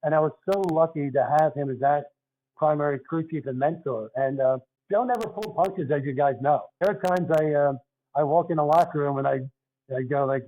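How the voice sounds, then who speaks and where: A man's voice: a little high, fairly quick, warm tone. Earnest Philly man, muffled audio. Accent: Philadelphia. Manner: earnest, storytelling. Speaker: guest, retired basketball referee. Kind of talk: casual interview talk.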